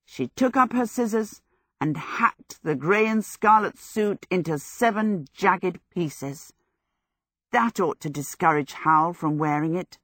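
A woman reading a novel aloud in steady, even audiobook narration on a close microphone. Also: on the low side, slow pace, dry recording.

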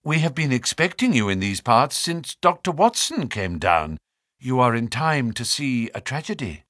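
A man voicing a calm, sharp-witted male detective with a measured, crisp delivery in an audiobook reading. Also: mid-range voice, dry recording, studio quality. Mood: dry.

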